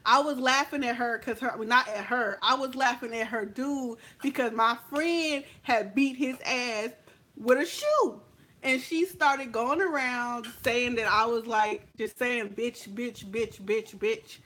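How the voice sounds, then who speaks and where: Sassy woman vlogger with a high voice, chatting straight to the viewer. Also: a little slow, pushed and bright. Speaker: makeup vlogger. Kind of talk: casual story time chat.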